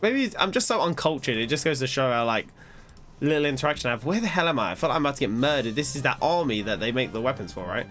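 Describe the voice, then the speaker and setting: A man's voice: mid-range voice, very animated, fast, fairly bright tone, faint music behind. Rambling self-deprecating male streamer. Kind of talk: casual gaming commentary.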